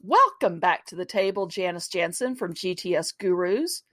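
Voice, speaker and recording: A woman's voice: lowish voice, very animated, moderate pace, fairly bright tone, dry recording. Chatty woman podcast host, dry sound. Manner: chatty, laughs easily, asides to listeners. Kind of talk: casual podcast talk.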